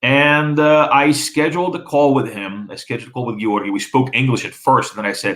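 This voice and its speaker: A man's voice: mid-range voice, fairly quick, few pauses, a bit bright, poor audio. A man from the former Soviet Union whose first language is Russian, telling a story in casual conversation with many fillers and restarts. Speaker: interviewee.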